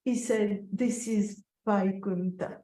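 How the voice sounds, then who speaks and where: A woman telling a personal story in an interview, slow, reflective and emotional. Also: medium pitch, steady tone, dark tone. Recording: echoey room, voice from a distance.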